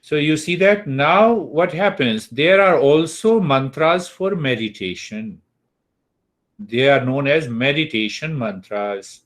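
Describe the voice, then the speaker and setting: Brief: man, spiritual teacher, unhurried class talk over a video call. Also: fairly high pitch, lively intonation, fairly bright tone. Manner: slow, deliberate, checks in with students. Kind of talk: online class lecture.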